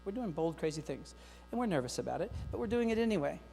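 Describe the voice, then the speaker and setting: An energetic man gives a lively conference keynote to teachers in a reverberant hall, joking and speaking straight to the audience. His voice is a little high, fast and gravelly, with faint music behind, long hall reverb and a faint mains hum.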